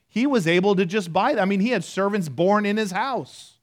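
A man's voice: high-pitched, expressive, a little fast, few pauses. A man preaching a conversational sermon, reading scripture aloud between loose, filler-heavy asides. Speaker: pastor.

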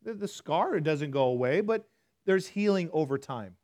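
Guy preaching in church, kinda high voice, chatty and self-deprecating, gets quiet then loud. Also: expressive, normal speed. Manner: conversational, self-deprecating, swings from hushed to loud. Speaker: pastor. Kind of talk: sermon.

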